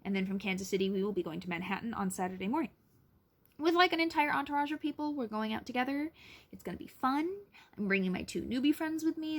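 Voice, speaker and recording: Young woman vlogging on her phone, fairly high voice, rambling and nervous. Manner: rambling, anxious, self-deprecating. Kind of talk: casual selfie vlog.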